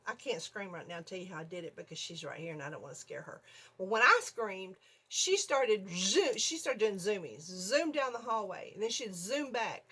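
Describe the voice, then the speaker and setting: An older woman vlogger telling a story in a casual, animated way from her home video room, often checking in with "okay?". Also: mid-range voice, normal speed, husky.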